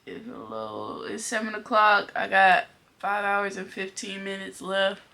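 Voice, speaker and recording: A young woman with a bright, crisp voice talks casually to her viewers in a book vlog. She vents in exasperation and repeats her exclamations. Her talk is slow and unhurried. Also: mid-range voice. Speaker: book vlogger.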